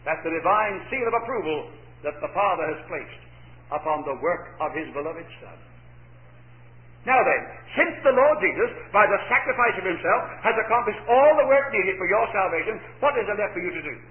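An older man delivers a sermon in a high voice, throwing out questions to his listeners and answering them with force. The sound is thin and phone-like. It rings in an echoey space. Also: lively intonation, normal speed. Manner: emphatic, rhetorical questions answered himself. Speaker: preacher.

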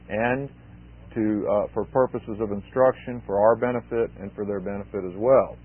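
A man's voice: medium pitch, husky, no echo. A man preaching an expository sermon, emphatic and repeating key phrases for weight. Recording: tinny phone-like sermon recording.

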